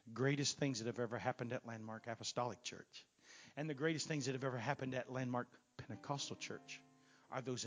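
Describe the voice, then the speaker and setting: A middle-aged man preaching a Pentecostal sermon in a church, his volume surging and sinking as he builds to near-shouts. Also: medium pitch. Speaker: pastor. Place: church sanctuary.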